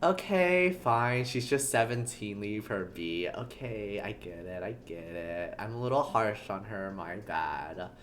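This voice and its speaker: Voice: low voice, measured pace, hardly any pauses, slight background noise. A streamer chatting casually while reading a game aloud, giggly and full of fillers.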